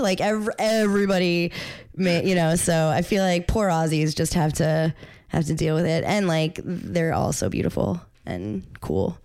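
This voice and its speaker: A woman's voice: on the low side, moderate pace, a little mellow. A woman co-hosting a casual podcast, rambling and filling her talk with "like" and laughter. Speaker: podcast co-host. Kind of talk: casual chat.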